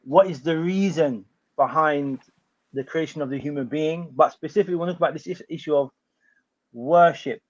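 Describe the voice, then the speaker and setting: Measured male podcast host, dull lo-fi sound. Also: on the high side. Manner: measured, questioning, prompts the guest. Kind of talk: podcast discussion.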